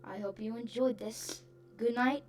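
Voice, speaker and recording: A woman's voice: fairly high pitch, steady tone, unhurried, darkish tone, soft background music. A woman hosting her channel, reading a rhyming online post aloud with amused, giggly asides.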